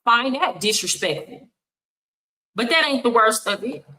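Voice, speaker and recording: A woman's voice: fairly high pitch, expressive, a little slow, sharp tone, rough recording. A woman hosting a reaction video, speaking bluntly and confrontationally with heavy swearing. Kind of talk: angry reaction commentary.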